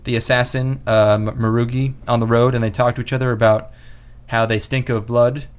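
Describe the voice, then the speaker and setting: A man's voice: mid-range voice, level tone, clean tone. Rambling young man chatting casually. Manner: rambling, halting with many fillers. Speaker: podcast co-host. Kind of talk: casual chat.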